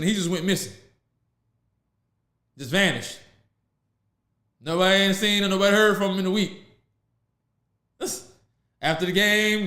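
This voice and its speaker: Laughing, high-voiced man in an echoey room. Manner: animated storyteller, laughs often, Southern slang. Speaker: podcast host. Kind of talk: casual podcast chat.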